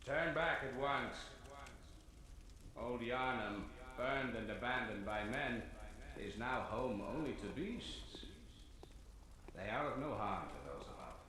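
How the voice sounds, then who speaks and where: A stern old hunter, echoing. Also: male voice, mid-range voice, animated, sharp tone. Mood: stern warning. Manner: grave, commanding, slow warnings. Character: stern older male hunter warning off strangers. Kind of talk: game dialogue. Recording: roomy echo, faint game ambience.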